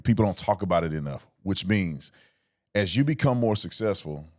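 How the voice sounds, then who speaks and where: A man hosting an interview, asking questions in a halting way, thinking out loud. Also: low voice, animated, no room sound, studio quality. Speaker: podcast host. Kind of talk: casual interview talk.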